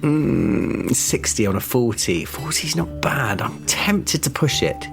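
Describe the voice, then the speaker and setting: A man's voice: mid-range voice, very animated, slow, creaky. A man playing a tabletop game, talking hesitantly with many fillers. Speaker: player. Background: background music.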